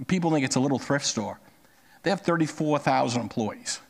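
Gravelly older man telling a story. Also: medium pitch, lively intonation, brisk. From United States. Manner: plain-spoken, conversational, straightforward. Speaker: speaker telling a personal story. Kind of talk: storytelling talk.

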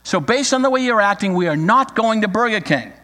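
A man's voice: high-pitched, lively intonation, brisk, sharp tone, long reverb tail, pitched above the performer's own voice. A preacher voicing a frustrated young mother scolding her small son, stern and raised.

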